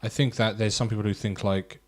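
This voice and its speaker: Young male co-host; low, rambling, casual talker. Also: steady tone, brisk. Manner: rambling, thinks aloud with many fillers. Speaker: podcast co-host. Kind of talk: casual chat.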